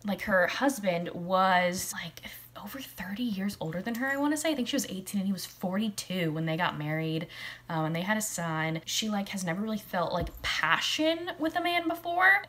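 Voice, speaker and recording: A woman's voice: a little high, a bit bright. A woman in her early twenties from the southern US with a light urban Southern accent, chatting casually as a book vlogger, giggling often and filling her talk with "like" and "you know". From southern United States. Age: early 20s. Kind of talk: casual chat.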